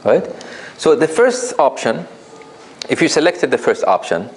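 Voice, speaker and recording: A man teaching a recitation class, patiently explaining rules, asking his students questions and demonstrating with drawn-out chanted examples. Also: a little high, wildly swooping pitch, poor audio. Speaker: tajweed teacher.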